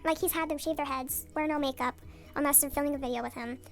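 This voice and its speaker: A woman's voice: fairly even intonation, fast, soft background music. A young woman ranting sarcastically and rambling off-topic late at night in her bathroom, her voice digitally sped up. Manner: rambling, sarcastic, off-topic, with swearing and mock outrage. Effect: voice digitally sped up and pitched up. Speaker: YouTuber. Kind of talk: late-night rant vlog.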